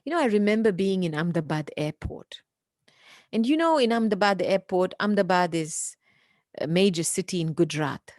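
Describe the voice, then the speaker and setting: A woman from the UK giving a spiritual class over a video call, telling stories gently and dropping into soft whispered asides. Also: on the low side, animated, a little fast, dry recording, clean studio sound. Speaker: spiritual teacher.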